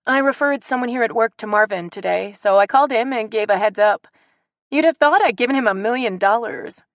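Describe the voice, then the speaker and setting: A woman's voice: fairly high pitch, a little fast, dry recording, lo-fi sound, voice pushed up, close to an everyday voice. A woman voicing a cheerful, playful young professional woman in an audiobook romance. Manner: bright and playful, softer in intimate moments.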